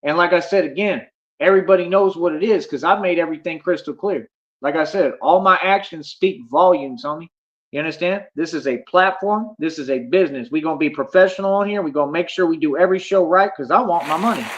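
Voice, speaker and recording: A man's voice: on the high side, quick pace, lo-fi sound. A man livestreaming, ranting boastfully at his chat, defiant and repetitive, calling listeners homie. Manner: brash, defiant, repeats himself and calls listeners homie.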